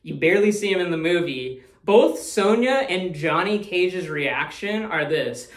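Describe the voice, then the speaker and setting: A man's voice: sits high, lively intonation, a little slow. Rambling, laughing man in a roomy space. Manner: rambling, profane, laughs often. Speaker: host. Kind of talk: casual movie review monologue. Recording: roomy echo.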